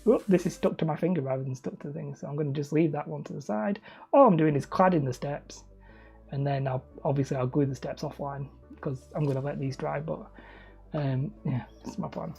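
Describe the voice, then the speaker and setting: Hobby streamer, woman, Wigan-area accent, mellow and low, chatty self-deprecating crafting talk. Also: a little fast, creaky, slightly rough, faint music behind. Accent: Wigan area, Lancashire. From Leigh, near Wigan, England. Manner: chatty, self-mocking, rambling. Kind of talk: casual live-stream chat while crafting.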